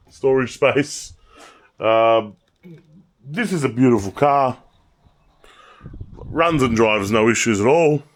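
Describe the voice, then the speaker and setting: Aussie guy rambling about his cars, casual vlog chat, gets animated telling stories. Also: mid-range voice, no room sound. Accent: Australian. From Australia. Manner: chatty and rambling, animated storytelling. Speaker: channel host. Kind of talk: casual car walkaround vlog.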